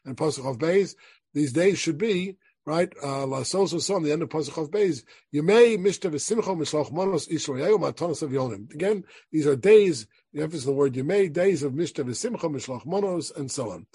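A man's voice: on the high side, lively intonation, fairly quick, mellow, slightly rough, no echo. A man giving a rabbinic class, reading Hebrew verses aloud and explaining them to his listeners. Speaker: rabbi teaching a weekly class. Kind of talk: lecturing on Jewish law from source sheets.

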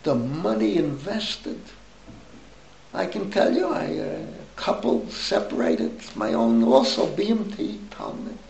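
An elderly rabbi in his eighties leads an informal class, rambling through animated stories and turning aside to his listeners. His voice is gravelly and a touch high for a man. The sound carries the echo of a roomy space. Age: 80s. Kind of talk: informal Torah class talk.

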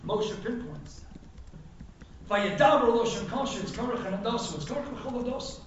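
A man giving an animated, emphatic sermon as a rabbi, at times rising to near shouts. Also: high voice, a little fast, slight background noise. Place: synagogue hall. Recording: echoey hall from far off, dull sound.

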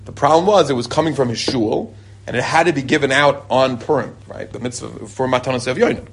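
A man telling lively stories to a group and weaving in religious teaching, often jumping into a high excited voice when he quotes people. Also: brisk, vocal fry, breathy edge. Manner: animated storyteller, jumps to a high excited voice when quoting people; chuckles and restarts mid-sentence. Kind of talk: storytelling talk with religious teaching. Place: lives in Israel.

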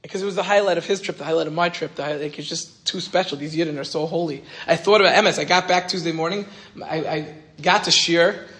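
A man with a slightly raised voice tells a story in a lively Torah talk. He acts out each person in the dialogue and fills his speech with a casual "like". He speaks as a teacher to his listeners. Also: fairly high pitch, quick pace, breathy edge. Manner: animated storytelling, acts out quoted dialogue, frequent "like". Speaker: rabbi and teacher.

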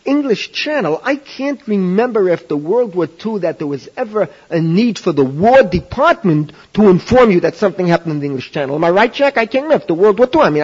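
A man with a high, husky voice lectures a class on rabbinic law. He tells jokes and mixes Yiddish and Hebrew phrases into his talk. The sound is dull and lo-fi, like an old 1990s lecture tape. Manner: animated, jokey storyteller mixing in Yiddish and Hebrew.

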